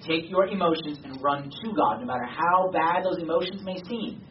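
A man's voice: on the high side, normal speed. A man preaching a sermon, talking casually at first and then urging his listeners with rising passion. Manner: conversational, emphatic, rising to passionate exhortation. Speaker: pastor. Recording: distant, echoey, dull sound with faint noise.

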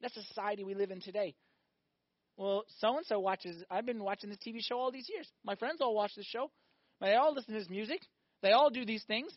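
A male priest giving a sermon, animated, firing off rhetorical questions and acting out little scenes. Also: high voice, fairly quick, no echo, dull audio.

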